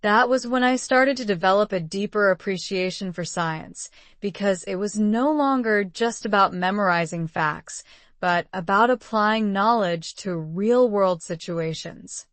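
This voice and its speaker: A woman reading out model exam answers in an even, polished, measured way. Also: mid-range voice, no echo. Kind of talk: scripted reading of sample answers.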